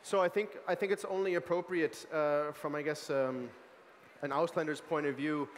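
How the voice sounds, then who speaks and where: An American man in his young adult years leads a wine tasting with an animated, chatty manner, piling on asides and fillers. His voice sits a little high for a man. It rings out with a long reverb through a large hall, over a faint murmur of people. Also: normal speed, a little hiss or hum. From United States. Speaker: sommelier giving a wine tasting talk. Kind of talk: lively tasting presentation. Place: large hall at a food market event.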